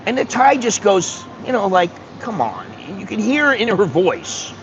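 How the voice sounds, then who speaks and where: Blunt American man with a raised pitch. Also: normal speed, slight background noise, rough recording. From United States. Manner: blunt, animated storyteller who swears freely. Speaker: vlogger. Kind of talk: casual vlog chat, reading viewer comments.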